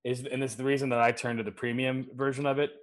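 A man's voice: medium pitch, level tone, fast, a little hiss or hum. A man co-hosting a casual podcast chat, laid-back with dry wisecracks and casual swearing. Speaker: podcast co-host.

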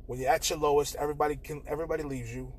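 A young man hosting a casual solo podcast, talking candidly and with plenty of swearing, swinging between loud bursts and quiet mutters. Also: a little high, fairly even intonation, rapid-fire, slight background noise. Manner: candid, profane, shifts between loud outbursts and quiet mumbling. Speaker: podcast host.

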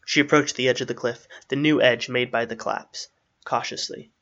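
A man narrating a fantasy story aloud in a steady storytelling manner. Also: mid-range voice, moderate pace, highs cut off.

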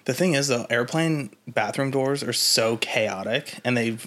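A man's voice: mid-range voice, a little slow, fairly bright tone. A man co-hosting a casual podcast chat, blunt, wry and profane. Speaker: podcast co-host.

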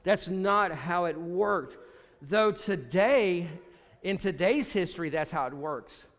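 Man, pastor, sermon, high voice, long hall echo. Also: expressive, slow pace. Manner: preaching, drops low and quiet for emphasis.

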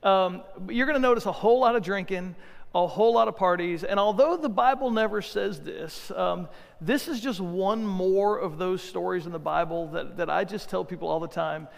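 Male pastor, high gravelly voice, chatty sermon delivery with jokey asides, long hall reverb. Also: moderate pace. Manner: conversational, joking asides, repeats words when restarting.

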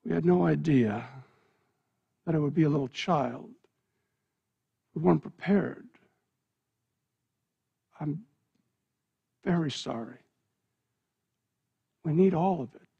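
A man's voice: a little high, slow, gravelly, long pauses, husky, muffled recording, pitched below the performer's own voice, exaggerated voice. A man voicing a sorrowful gray-haired old doctor. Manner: soft, grave and apologetic.

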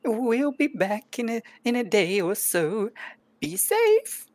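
A woman voicing a cheerful witch who talks in a very high, sing-song way. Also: sing-song, slow, darkish tone, no echo, exaggerated voice. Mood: cheery.

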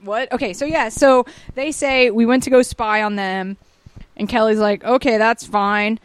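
High-pitched woman recapping a sitcom, lively, acts out the lines, dry close sound. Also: clean tone, dry recording. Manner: animated, acts out characters' lines in quick impressions. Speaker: podcast co-host. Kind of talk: casual chat recapping a sitcom.

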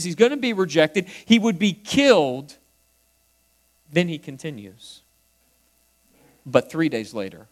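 A man preaching a sermon, moving between emphatic, rising lines and quiet, hushed repeated refrains. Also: high-pitched. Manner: swings from emphatic to hushed, soft quoted refrains. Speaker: pastor.

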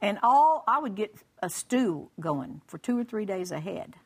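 Speaking a little slowly in a slightly rough, mid-range voice, a guest speaker on a Christian broadcast shares a funny personal testimony. She tells it with lively energy, acting out the dialogue and laughing along the way.

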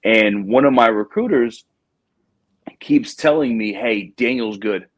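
A man hosting a casual chat, telling a recruiting story with lively acted-out quotes and plenty of "bro". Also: mid-range voice, a little slow, no room sound. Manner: animated storyteller, acts out quotes, says "bro". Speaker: podcast host, Marine recruiting staff sergeant.

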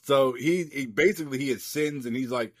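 A man's voice: mid-range voice, brisk, no echo, clean studio sound. A man co-hosting a podcast, casually recapping a comic book in a loose, rambling way, swearing freely and leaning on lots of fillers. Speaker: podcast co-host.

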